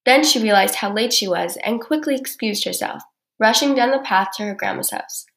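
A woman's voice: fairly high pitch, normal speed, creaky, fairly bright tone. Woman reading a fairy tale aloud. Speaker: narrator. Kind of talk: storybook reading.

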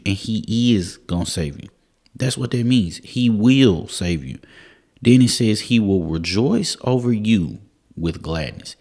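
Man, very low voice, casual devotional preacher, repeats lines for emphasis, slangy. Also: a little mellow. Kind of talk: informal Bible devotional talk.

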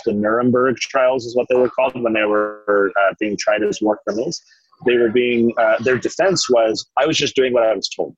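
Husky man telling an animated story. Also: medium pitch, dry recording, lo-fi sound. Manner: animated, acts out quoted voices in the story. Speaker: guest, think tank president. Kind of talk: conversational storytelling in an interview.

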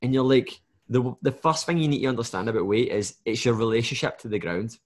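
A man's voice: medium pitch, fairly quick. A man, a fat loss coach, talking bluntly in a casual podcast chat and swearing freely as he acts out what clients say.

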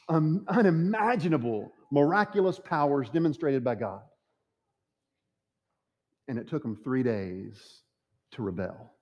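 A man preaching a sermon, emphatic, with dramatic pauses. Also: fairly high pitch, darkish tone. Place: church sanctuary. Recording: long church reverb.

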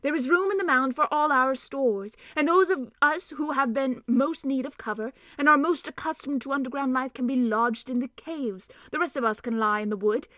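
A woman's voice: high voice, moderate pace, hardly any pauses, sharp tone, dry recording, studio quality. A woman voicing an earnest, learned old male doctor who explains plans in an urgent way.

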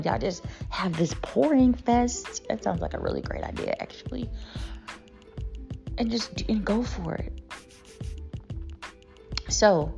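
Deep-voiced lady, gravelly, doing pumped-up affirmations over faint music. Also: darkish tone. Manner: declamatory, emphatic, then casual and preachy. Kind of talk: spoken affirmations and encouragement.

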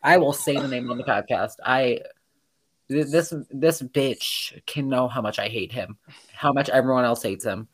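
A man's voice: medium pitch, moderate pace. A young man co-hosting a podcast, telling indignant stories in casual chat and quoting people sarcastically. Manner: animated, indignant, quotes people in sarcastic voices. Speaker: podcast co-host.

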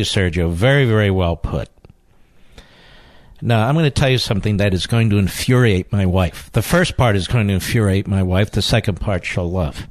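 Male talk radio host, emphatic and indignant, low lively voice, dry close mic. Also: dry recording. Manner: emphatic, indignant, rhetorical questions. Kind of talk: political talk radio monologue.

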